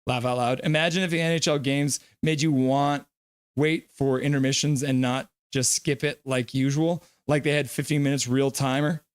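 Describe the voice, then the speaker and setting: An excitable man hosts a live fan stream, calling the game play by play and reading viewer comments aloud. His voice sits high for a man. The sound is dry and close. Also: normal speed, smooth, no room sound.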